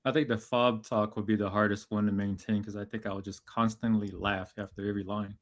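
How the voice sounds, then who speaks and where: A man's voice: on the low side, little pitch movement, brisk. A man interviewing a guest in a casual, easygoing way, laughing along.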